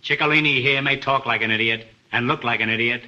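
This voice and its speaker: An actor playing an exasperated boss in a sitcom who makes sarcastic remarks. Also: male voice, mid-range voice, steady tone, quick pace, bright, forceful tone, highs cut off. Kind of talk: sitcom acting.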